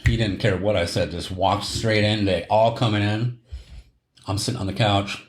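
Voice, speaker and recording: A man's voice: lowish voice, fairly even intonation, moderate pace. A middle-aged man, telling a long story on a podcast, rambling and correcting himself and laughing at his own tale. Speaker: podcast host. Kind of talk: casual storytelling chat. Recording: roomy echo.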